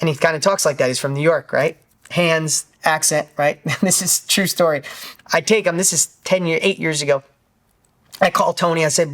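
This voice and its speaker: A man's voice: a little high, fairly quick, fairly bright tone. Emphatic man in his fifties coaching. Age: 50s. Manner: emphatic and repetitive, acts out quotes. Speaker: business coach. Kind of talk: motivational talk.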